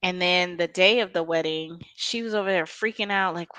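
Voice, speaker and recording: Low-voiced skeptical woman chatting. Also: lively intonation, moderate pace, few pauses, fairly bright tone, no echo. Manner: skeptical, acts out quotes in sudden high voices. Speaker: podcast co-host. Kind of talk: casual chat reviewing a reality show.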